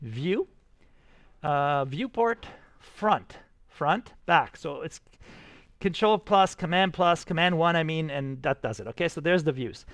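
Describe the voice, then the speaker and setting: Upbeat high-voiced male teacher. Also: lively intonation, unhurried, fairly bright tone, no room sound. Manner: upbeat, coaxing, talks students through each step. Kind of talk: live classroom software tutorial.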